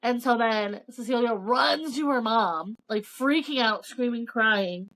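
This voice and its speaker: A young woman co-hosts a podcast and retells a book's plot in casual chat. She acts out the characters' lines and fills her talk with "like". Her voice sits a little higher than most women's. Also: unhurried, low-quality recording. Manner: animated storytelling, acts out characters' lines, filler-heavy. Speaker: podcast co-host. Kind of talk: casual book discussion chat.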